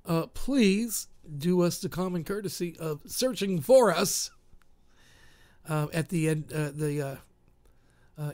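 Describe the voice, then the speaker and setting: High-voiced rambling radio host man. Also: a little mellow. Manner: rambling, self-mocking, many fillers. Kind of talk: casual live radio chat.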